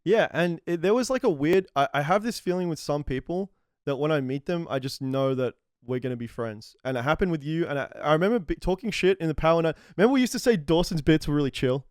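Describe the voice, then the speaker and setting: An Australian man telling stories in a casual podcast chat, animated and quick. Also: on the high side, clear, resonant tone, dry recording, studio quality. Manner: animated storyteller. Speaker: podcast guest.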